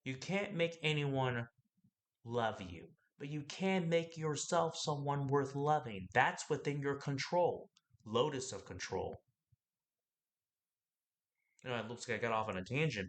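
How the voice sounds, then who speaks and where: A man hosting a podcast, giving an animated, preachy motivational talk that rambles and fires questions at the listener. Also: medium pitch, measured pace. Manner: animated and preachy, asks the listener questions, acts out other people's lines; rambling, with laughs and restarts.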